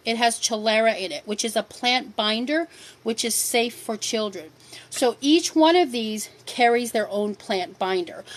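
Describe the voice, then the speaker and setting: A woman's voice: on the high side, a bit bright. A middle-aged woman hosting a casual live stream, answering viewer questions in a firm, direct way and repeating her key points for emphasis. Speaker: livestream host selling supplements.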